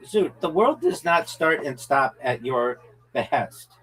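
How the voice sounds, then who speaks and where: A man's voice: a little high, very animated, slow, a bit bright, breathy edge, rough recording. A man hosting a casual game stream with friends, brash and profane, boasting to viewers like a mock announcer. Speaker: host. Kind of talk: casual chat while playing a game with friends.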